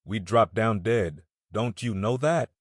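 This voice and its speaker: A man's voice: on the low side, slow pace, no echo, clean studio sound. A man voicing a mischievous, scared young boy with a rustic drawl in a storybook reading. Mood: earnest. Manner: rustic drawling boyish talk.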